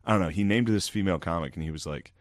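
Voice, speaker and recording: A man bantering casually with a co-host, teasing him in a deadpan way. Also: low-pitched, racing, no echo, studio quality.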